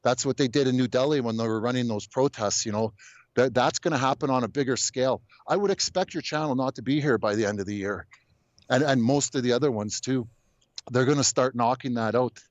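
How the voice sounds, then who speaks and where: A man's voice: medium pitch, a little fast, no echo, muffled recording. Blunt exasperated man caller. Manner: blunt, exasperated, stammering restarts. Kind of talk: casual call-in chat.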